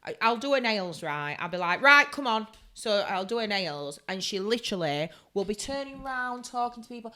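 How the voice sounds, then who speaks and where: A woman's voice: mid-range voice, moderate pace, hardly any pauses. A woman, a beauty therapist co-hosting a podcast in casual chat, telling stories animatedly and acting out what people said. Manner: animated storytelling, acts out quotes.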